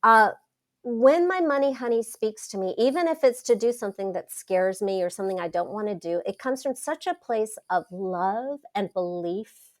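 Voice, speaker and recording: A middle-aged woman, a wealth coach, telling stories in a casual interview with dramatic, expressive delivery. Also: medium pitch, normal speed. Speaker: wealth coach, podcast guest.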